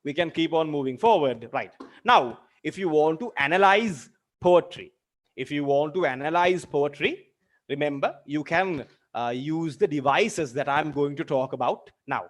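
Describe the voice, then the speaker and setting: A man's voice: a little high, moderate pace. A man teaching a literature lesson, explaining terms and going over examples more than once. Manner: explains with repeated examples, asks students direct questions. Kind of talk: online lecture.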